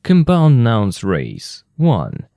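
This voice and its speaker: A man explaining English vocabulary in a textbook lesson, patient and clear, and he slows down to repeat each example. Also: mid-range voice, huge pitch swings, mellow, dry recording, studio quality. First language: Russian. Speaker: English teacher.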